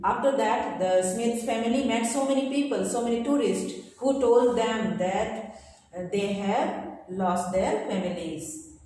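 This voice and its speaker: A woman's voice: on the high side, darkish tone, slight background noise. A woman teacher with an Indian English accent reading a story to a class and carefully explaining what each word means. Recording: echoey room, far from the mic.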